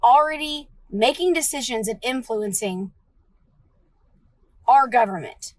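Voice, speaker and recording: An indignant woman ranting to camera, asking pointed rhetorical questions. Her voice sits higher than most women's. The sound is dry with no room echo. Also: animated, unhurried. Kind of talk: ranting online video.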